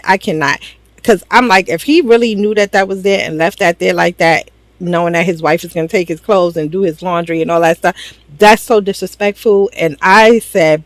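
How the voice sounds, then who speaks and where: A woman's voice: mid-range voice, moderate pace, dry recording. Slangy New woman recapping a show. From New York. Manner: animated, slangy, acts out characters' lines. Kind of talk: casual chat.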